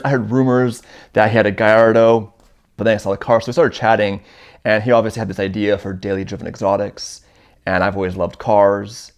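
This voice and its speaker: A man from Canada in his thirties shares a personal anecdote as a storytelling guest, relaxed and lively. His voice is a bit low with a clean tone, and he slips into character to deliver quoted dialogue.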